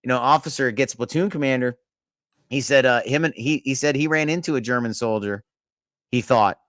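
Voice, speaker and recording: A man's voice: mid-range voice, a little fast, fairly bright tone, no echo, clean studio sound. A man co-hosting a podcast, telling rambling anecdotes in casual chat with frequent laughs and swearing. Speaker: podcast co-host.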